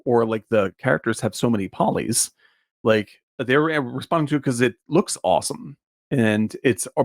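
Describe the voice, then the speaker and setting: A man co-hosting a casual film podcast, talking eagerly with many quick asides. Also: mid-range voice, no room sound, studio quality. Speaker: podcast co-host. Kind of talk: casual film-discussion chat.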